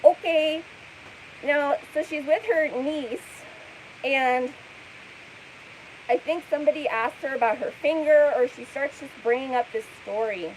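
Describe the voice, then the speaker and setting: A woman's voice: high voice, a little slow, pauses often, slight background noise, rough recording. A woman giving casual vlog commentary, skeptical and rambling, with many fillers.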